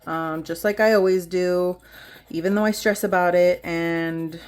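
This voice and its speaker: A woman's voice: lowish voice, fairly even intonation, unhurried, clean tone. A woman in her thirties, a budgeting vlogger, chatting casually to her viewers while she counts cash into envelopes. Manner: rambling, chatty, talks straight to viewers, counts bills aloud.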